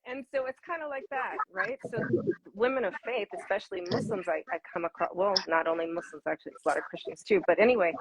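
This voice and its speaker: A woman answering interview questions as an intimacy coach, animated and laughing, often repeating words for emphasis. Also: medium pitch, fast talker, vocal fry, rough recording.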